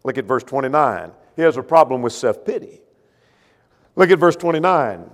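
A man preaching a sermon, with rhetorical questions and swings between loud emphasis and quiet, low asides. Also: lively intonation, a little fast, long reverb tail.

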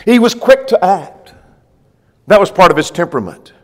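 A man's voice: high voice, sing-song, normal speed, big-room sound. A man preaching a sermon, walking listeners through the text verse by verse. His delivery swings from strong emphasis down to near-murmured phrases. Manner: expository, guiding listeners verse by verse.

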